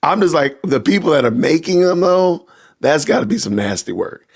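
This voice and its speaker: A man hosting a casual livestream podcast, reacting out loud and talking to his viewers as "y'all". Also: a little high, sing-song, moderate pace, creaky. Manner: talks to chat with y'all, reacting loudly. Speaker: podcast host.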